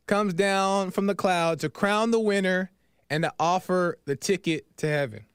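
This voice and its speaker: A man's voice: high-pitched, measured pace, clear, resonant tone, dry recording, clean studio sound. A man hosting a podcast, earnestly retelling a parable and reflecting on it, often tagging lines with "right?" and repeating himself. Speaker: podcast host. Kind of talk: storytelling reflection.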